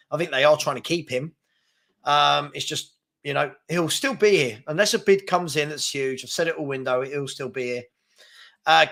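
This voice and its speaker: This fan channel host is a man whose voice is fairly high, gravelly, bright and forceful. Running a live football fan stream, he rambles through casual chat and viewer comments, stumbling into fillers, repeated words and frequent restarts.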